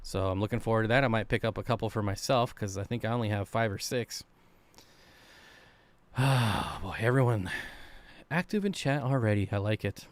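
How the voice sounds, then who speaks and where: A man hosts a relaxed live stream for an aquarium channel, chatting and reading viewer comments aloud. His voice sits on the low side at a normal speed, with long pauses.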